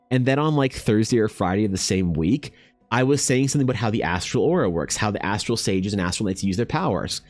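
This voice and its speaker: A man who streams and runs tabletop games, chatting casually with his viewers in a rambling, animated and profane way. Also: on the low side, fairly quick, dry recording, faint music behind. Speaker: streamer and dungeon master. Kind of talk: casual livestream chat.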